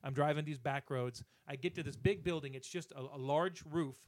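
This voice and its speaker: A man on a podcast tells a rant in an animated, profane way, acting out the people in his story with a somewhat high voice. The recording is dry and close. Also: moderate pace, dry recording. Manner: animated, profane, acts out other people's lines. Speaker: podcast co-host.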